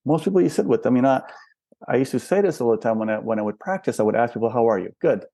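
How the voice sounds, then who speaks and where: Gravelly, mellow older man. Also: medium pitch, expressive, very fast, dry recording. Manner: explains patiently with rhetorical questions. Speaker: spiritual counselor and healer, interview guest. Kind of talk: reflective interview talk.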